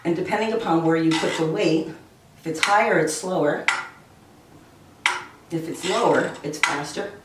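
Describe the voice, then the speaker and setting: A woman teaching a music lesson beside a piano, explaining slowly and counting beats aloud. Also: low voice, far from the mic, heavy background noise. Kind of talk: recorded classroom lesson. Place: room with a piano. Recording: very echoey room, voice away from mic.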